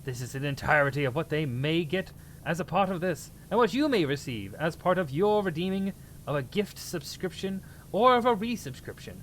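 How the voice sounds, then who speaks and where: A man voicing a pompous mock-posh British gentleman in an exaggerated put-on British accent, with a theatrical, drawn-out delivery. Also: on the high side, sing-song, slight background noise. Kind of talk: comic impression on a livestream.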